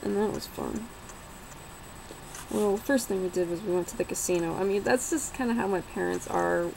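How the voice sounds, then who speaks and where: Here a young woman speaks in a medium-pitched, darkish voice with vocal fry, casually recounting something from her own life. She rambles without hurry, swearing and laughing along the way. The low-quality recording has slight background noise.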